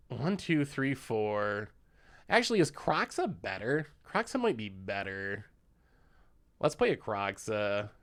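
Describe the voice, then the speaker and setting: A man streams a card game and narrates every move as it happens. His pitch rises and falls a lot, but his pace stays slow and deliberate. He thinks out loud and reacts to each play. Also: smooth. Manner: reactive, thinks aloud, thanks subscribers. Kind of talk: live gameplay commentary.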